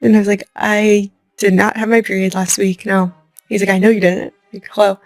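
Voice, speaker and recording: Young adult woman, interview guest, gravelly delivery, animated storyteller who acts out quotes, dry close sound. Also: medium pitch, normal speed, dry recording, faint music behind. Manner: animated retelling, acting out quoted lines, laughing often. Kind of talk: personal storytelling in conversation.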